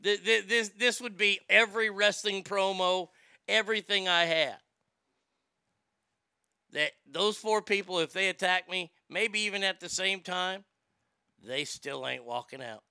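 Male host, casual rambling chat, stammers and swears, smooth resonant voice. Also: sits high, a little slow, bright, forceful tone, no echo, clean studio sound. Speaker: show host.

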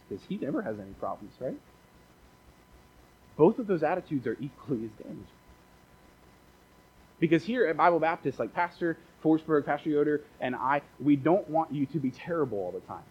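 A man's voice: a little high, animated, brisk, slightly rough, lo-fi sound. A man preaching a casual, conversational sermon as a pastor, repeating phrases for emphasis and dropping joking asides.

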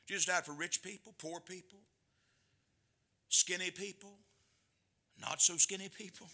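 A middle-aged man preaching a sermon, swinging between loud bursts and quiet asides. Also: on the high side. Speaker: pastor.

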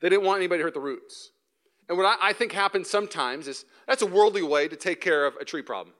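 A man preaching a sermon as pastor, animated and joking, often repeating and restarting words. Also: sits high, fast talker. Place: church.

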